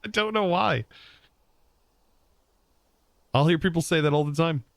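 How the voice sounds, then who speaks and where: A man's voice: on the high side, measured pace, creaky, no echo. A man streaming a modded building game, chatting loosely with his viewers and rambling about words while he plays. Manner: rambling, chatty, talks to his chat between game tasks. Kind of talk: casual live-stream chat while playing.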